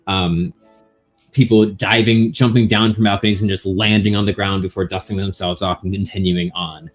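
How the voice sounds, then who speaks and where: A man narrating a tabletop game as game master, relaxed and descriptive with fillers. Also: deep voice, normal speed, soft background music.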